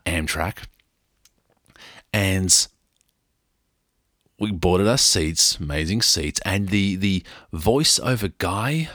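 A middle-aged Australian man tells a rambling travel story in a casual monologue, cracking jokes at his own expense. His voice is low with a sharp tone, and the recording is clean studio sound with no echo.

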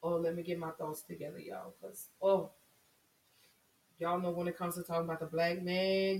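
A woman's voice: on the low side, far from the mic. Impassioned woman vlogging in a roomy echo. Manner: impassioned, repetitive, voice rising with emotion. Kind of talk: emotional monologue to camera.

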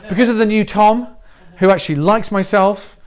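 A man's voice: high-pitched, moderate pace. A middle-aged Englishman giving a conversational sermon as a pastor, telling stories with self-deprecating humor.

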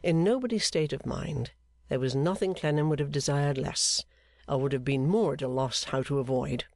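A man's voice: mid-range voice, moderate pace, creaky, darkish tone, dry recording. Man narrating a classic novel. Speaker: audiobook narrator.

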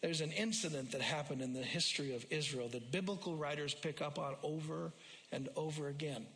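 A man preaching a sermon as a pastor, repeating phrases for emphasis and rising loud and high when he quotes scripture. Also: steady tone, a little fast. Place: church sanctuary. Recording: long hall reverb.

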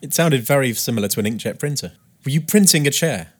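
A man co-hosting a podcast, with dry deadpan humour and occasional bursts of surprise. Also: mid-range voice, quick pace, breathy edge. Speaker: podcast co-host. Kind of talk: casual podcast chat.

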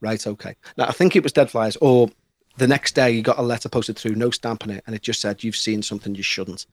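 A man with a Liverpool accent, a podcast guest telling a story in an animated, excitable way and mimicking the people in it. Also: on the low side, brisk, no echo, studio quality. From Liverpool, England. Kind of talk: casual storytelling.

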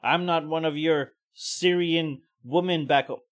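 A man mimicking a rude, entitled woman who makes confrontational demands in a shrill, mocking voice. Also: fairly even intonation, unhurried, lightly acted. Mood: demanding.

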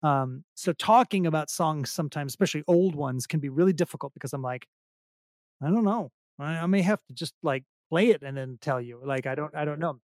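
Man, middle-aged, rambling, self-deprecating, fairly high pitch, dry sound. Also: a little fast, hardly any pauses, dry recording. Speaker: podcast guest, singer-songwriter. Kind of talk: casual interview chat.

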